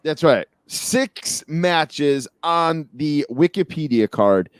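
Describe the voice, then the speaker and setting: A man co-hosting a podcast, talking casually and joking in quick asides, with a light western Massachusetts accent. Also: fairly high pitch, expressive, smooth, dry recording. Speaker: podcast co-host. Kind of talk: casual chat.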